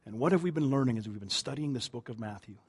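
A man, a pastor, preaching a sermon, moving between loud emphasis and quiet, drawn-out lines. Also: medium pitch, lively intonation, breathy edge.

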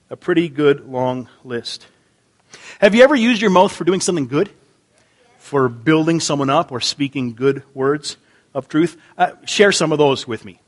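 A man preaching a sermon in church, chatting with the congregation, repeating their answers aloud and often restarting his sentences. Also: a little high. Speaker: pastor. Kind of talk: interactive sermon.

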